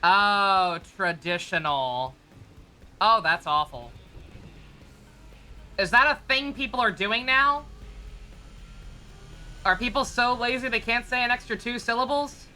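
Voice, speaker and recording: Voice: medium pitch, takes it slowly, pauses often, bright, forceful tone, soft background music. A streamer chatting casually while playing a game live, reading lines aloud, laughing often and grumbling wryly.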